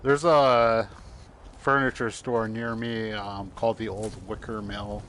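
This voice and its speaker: A man's voice: lowish voice, level tone, slow, fairly bright tone. Joking man commenting on his gameplay. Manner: joking, offhand. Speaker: gamer.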